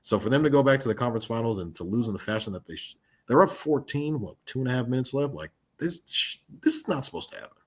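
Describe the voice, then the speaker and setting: A man talking basketball in a casual podcast chat, stressing his points with emphatic, drawn-out phrasing. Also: mid-range voice, big pitch swings, slightly rough. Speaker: podcast panelist.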